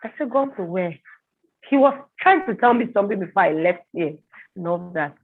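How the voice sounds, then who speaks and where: A woman telling an emotional personal story as an interview guest, halting and repeating words when upset. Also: fairly low pitch, lively intonation, husky. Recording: tinny phone-like line.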